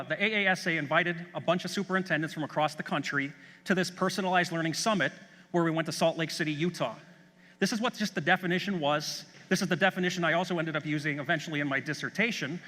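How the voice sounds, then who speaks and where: A man's voice: a little high, bright, forceful tone. A middle-aged man from Chicago, a school superintendent, giving an enthusiastic, story-driven conference keynote in a large hall. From Chicago, USA. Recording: long hall reverb.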